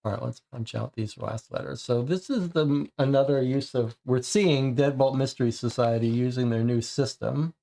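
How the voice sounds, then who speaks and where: A man's voice: mid-range voice, moderate pace, creaky, few pauses, dark tone. A man casually commenting as he plays a mystery game, thinking aloud and reading its text to viewers. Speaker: game streamer.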